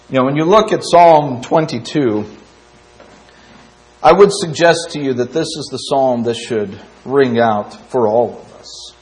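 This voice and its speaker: A man preaching a sermon in church, impassioned, swinging between loud emphatic stretches and quiet ones. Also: mid-range voice, poor audio. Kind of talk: sermon with invitation.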